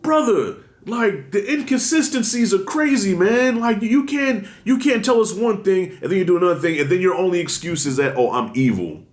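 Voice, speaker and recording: Blunt, animated man sounding off in a casual commentary video, with a voice that sits a little high. He pushes hard on his points and leans on slang. The room around him rings with noticeable echo. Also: moderate pace, hardly any pauses. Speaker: commentary vlogger. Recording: roomy echo.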